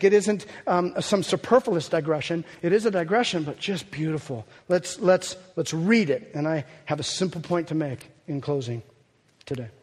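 A man with a high voice preaching in a sanctuary, his words trailing off into long reverb. He preaches emphatically, dropping to a hush and then climbing loud. It sounds like a live sermon. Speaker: pastor.

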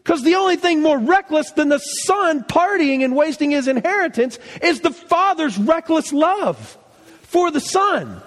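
A man preaching a sermon, telling a story with animated delivery and acting out quoted lines. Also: extremely high pitch, measured pace, in a large hall. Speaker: pastor.

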